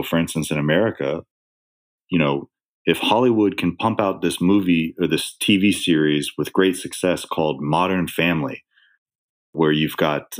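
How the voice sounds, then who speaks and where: Very deep-voiced rambling man. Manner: rambling, hesitant, with many fillers and restarts. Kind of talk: casual political discussion.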